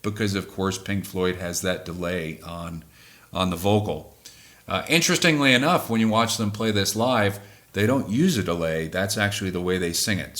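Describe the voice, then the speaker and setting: A man who sings in a cover band, calmly explaining how he builds a track, pausing to correct himself as he goes. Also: fairly low pitch. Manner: measured, thoughtful, self-correcting. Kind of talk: explaining music production.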